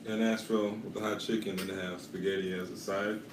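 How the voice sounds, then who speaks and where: A man's voice: sits low, little pitch movement, fast. A man co-hosting a casual podcast, drawling and teasing while eating hot chicken. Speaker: podcast co-host. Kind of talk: casual chat. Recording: echoey room, distant mic, audible noise.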